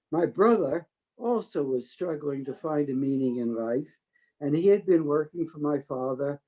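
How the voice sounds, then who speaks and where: An older man telling stories from his working life, talkative and quick to act out what others said. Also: fairly high pitch, rough recording. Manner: talkative, animated quoting of others. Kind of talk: storytelling oral history.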